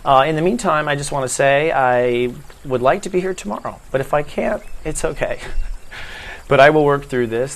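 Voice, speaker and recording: A middle-aged man hosting his own spiritual video series, talking gently and reassuringly to camera in a casual way. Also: mid-range voice. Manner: gentle, reassuring, repeats a soothing phrase. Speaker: spiritual vlog host. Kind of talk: casual spiritual vlog talk.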